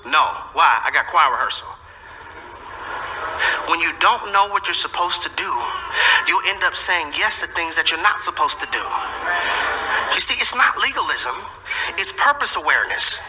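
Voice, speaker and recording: A man's voice: a little high, lively intonation, moderate pace, long pauses, noisy background. A man preaching a sermon as a pastor, emphatic and repeating his key phrases for effect. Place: church sanctuary. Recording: echoey sanctuary with long reverb.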